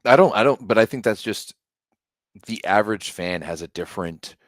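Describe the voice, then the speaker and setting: A man's voice: lowish voice, animated, moderate pace, no room sound, studio quality. A man co-hosting a casual sports podcast, rambling with many restarts and profane jokes. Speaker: podcast co-host.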